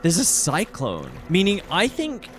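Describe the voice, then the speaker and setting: A man commentating his own playthrough of a game, excitable, swearing often and reacting loudly. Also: sits high, unhurried, faint music behind. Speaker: streamer playing a game. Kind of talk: let's play commentary.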